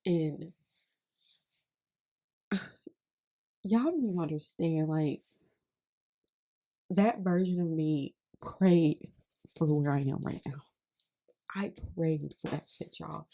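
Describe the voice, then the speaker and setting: A young woman, a podcast host and beauty creator, reads her old journal entries aloud, holding back tears. She sounds nasal and slides into slow, prayer-like affirmations. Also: sits low, mellow. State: teary, on the verge of crying.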